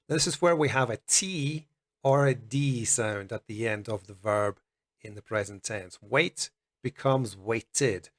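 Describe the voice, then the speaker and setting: Slow, careful male English teacher. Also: mid-range voice. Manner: slow, careful, demonstrates sounds. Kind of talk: pronunciation lesson. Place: Colombia.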